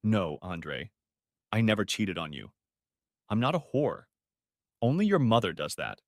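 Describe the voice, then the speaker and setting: A man's voice: lowish voice, sing-song, unhurried, no room sound, clean studio sound. A man voicing a defiant, scornful young wife who talks in a sarcastic, patronizing way. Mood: mocking.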